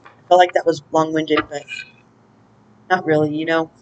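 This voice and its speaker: A woman's voice: deep voice, little pitch movement, normal speed, darkish tone, dull audio, slight background noise. Chatty woman doing an oracle reading. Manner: chatty, laughs often, talks to angels aloud. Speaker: intuitive oracle card reader. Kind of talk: casual spiritual channeling and oracle reading.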